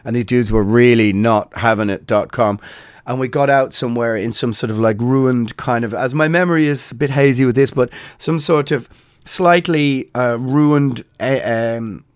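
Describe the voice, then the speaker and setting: A man's voice: mid-range voice, moderate pace, smooth, no echo, studio quality. An Irish man in his forties hosting a podcast, telling stories in a rambling way with many fillers and self-corrections. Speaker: podcast host. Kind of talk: casual anecdotal storytelling.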